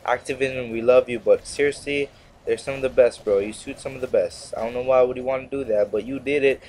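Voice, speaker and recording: A man's voice: medium pitch, steady tone, brisk, a little mellow, a little hiss or hum. A teenage male gamer giving casual, rambling commentary over his gameplay, sarcastic and often cutting himself off. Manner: rambling, sarcastic, self-interrupting. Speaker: gaming commentator.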